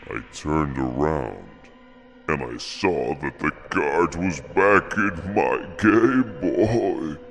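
A man narrating an absurd horror story in a deadpan comedic style. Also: very deep voice, gravelly. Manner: deadpan, slow.

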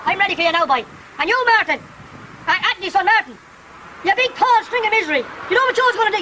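Irish guy ranting out a fight challenge, super high squeaky voice, bright and sharp, taunting. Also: a little hiss or hum, low-quality recording. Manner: taunting, aggressive, insulting. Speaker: bare-knuckle fight challenger. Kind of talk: recorded challenge message.

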